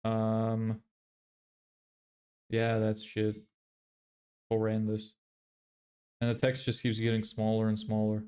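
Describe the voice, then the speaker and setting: A man's voice: fairly low pitch, monotone, slow, pauses often, warm tone. Blunt man critiquing websites. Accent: neutral, often heard as American. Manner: blunt, muttering critiques while reviewing websites. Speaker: business vlogger. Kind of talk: casual livestream commentary.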